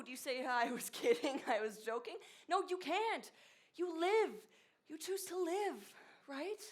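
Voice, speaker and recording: A woman playing a lonely middle-aged man who narrates a stage musical, rambling and confiding to the audience with halting restarts. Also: a little high, lightly acted. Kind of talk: stage acting, chatty monologue to the audience.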